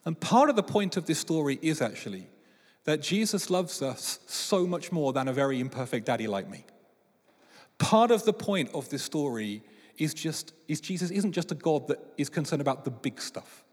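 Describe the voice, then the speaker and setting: A man preaching a sermon, his fairly high voice swinging up and down with animated storytelling. He slips into playful voices for the people in his stories. The sound carries a long reverb from a large hall. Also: normal speed. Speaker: pastor.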